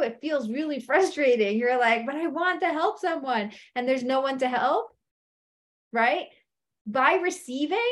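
A woman with a slightly high voice gives a motivational talk on marriage to a women's group. She speaks in a lively, conversational way, peppers her talk with "like," and acts out the voices of people in her examples. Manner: animated, acts out quoted voices, frequent "like" and "okay?".

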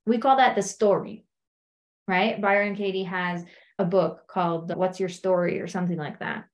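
A middle-aged woman speaking as a coach in a conversational teaching talk, often acting out what people say. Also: moderate pace. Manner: conversational, acts out quotes in high animated voices.

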